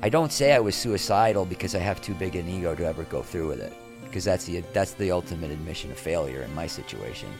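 A middle-aged man telling anecdotes in a casual interview as a podcast guest, lively, with quick asides. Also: sits low, gravelly, music in the background. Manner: animated anecdotes, quick asides, acts out quoted people.

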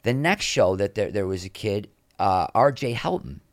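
A man's voice: on the low side, animated, normal speed, no echo, studio quality. A man as an interview guest, telling candid backstage stories in a rambling way and jumping into raised voices to act out the people he quotes. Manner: rambling, frequent restarts. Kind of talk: candid anecdotal storytelling.

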